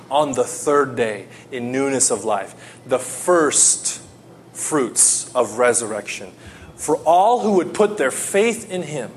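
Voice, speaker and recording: A man preaching a sermon, telling a personal story and swinging between loud pleading and hushed tones. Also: mid-range voice, a little hiss or hum.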